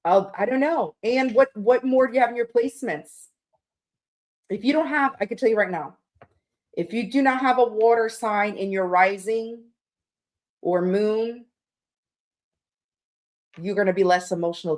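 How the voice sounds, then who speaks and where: A woman's voice: mid-range voice, darkish tone. A woman hosting a tarot livestream, chatting casually with viewers in a rambling, candid way, swearing now and then.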